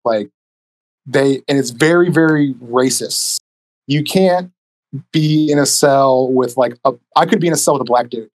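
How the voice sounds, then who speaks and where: A man telling stories casually on a podcast as a guest, animated and profane, acting out the people in his stories. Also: medium pitch, measured pace. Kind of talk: casual storytelling.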